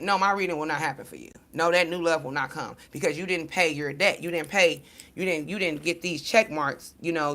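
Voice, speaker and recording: Blunt, bright-voiced woman telling stories. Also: deep voice. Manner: blunt, emotional, animated storytelling with swearing. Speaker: spiritual reader. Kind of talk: casual spiritual talk.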